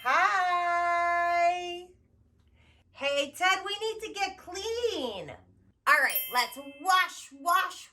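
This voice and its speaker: Slow, sing-song woman teaching toddlers. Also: high-pitched, a little hiss or hum. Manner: gentle and encouraging. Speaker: early childhood educator. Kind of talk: toddler teaching video narration.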